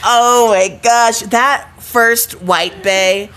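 A young woman co-hosting a casual chat podcast, animated, laughing often and swearing casually. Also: a little high, drawn-out words. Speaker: podcast co-host.

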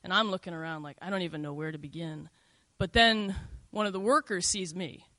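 A woman's voice: on the low side, fairly quick, sharp tone, no echo. A middle-aged woman telling a first-person story in a candid, conversational way, full of "like" and "you know".

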